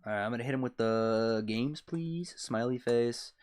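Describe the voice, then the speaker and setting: A man's voice: medium pitch, moderate pace, darkish tone. A man streaming a fighting game, reading chat aloud and joking in a laid-back, casual way. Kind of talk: casual live-stream chat while gaming.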